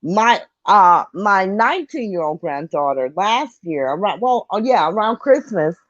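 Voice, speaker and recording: A woman's voice: mid-range voice, animated, a little slow, a bit bright, no room sound, lo-fi sound. An older woman hosting a casual online talk show, reading viewer comments and chatting with light laughter and mild swearing. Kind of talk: casual chat.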